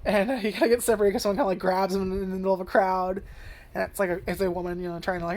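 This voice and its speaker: A woman's voice: mid-range voice, flat delivery, fast, a little mellow. A woman casually reviewing an anime, rambling with lots of "like" and swearing freely as she acts out character lines. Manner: lots of "like" and restarts.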